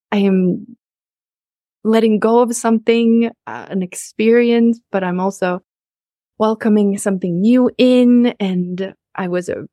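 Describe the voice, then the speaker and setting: A woman's voice: medium pitch, warm tone, no echo, studio quality. A young woman talking candidly and emphatically in a conversation, frank and outspoken. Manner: frank, emphatic, openly explicit.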